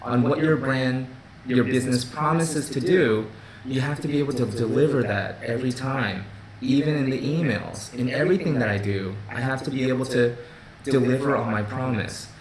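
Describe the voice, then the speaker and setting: A man's voice: medium pitch, normal speed, crowd noise. Chatty man on a livestream, echoey room. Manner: conversational, repeats words and restarts, many "you know" and "right?". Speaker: groomer hosting a live Q&A stream. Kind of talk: casual livestream talk. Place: his office space.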